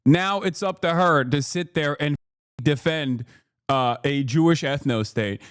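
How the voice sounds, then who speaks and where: A man with a high-pitched voice rants through a live stream reaction, heated and animated, breaking off into mocking voices and swearing freely. The sound is dry and close, with no room around it. He is in his thirties and talks casually to his chat. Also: a little slow, clear, resonant tone, no echo. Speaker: streamer reacting to news clips.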